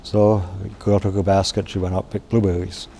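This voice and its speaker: Male storyteller from Wisconsin, low gravelly voice, mellow, unhurried oral telling. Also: level tone, slight background noise. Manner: unhurried, plain-spoken, with pauses and restarts.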